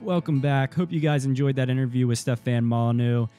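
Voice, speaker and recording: Young male co-host, warm mellow tone, dry mic, light music bed. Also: mid-range voice, a little fast. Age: 20s. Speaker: podcast co-host. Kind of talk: casual interview chat.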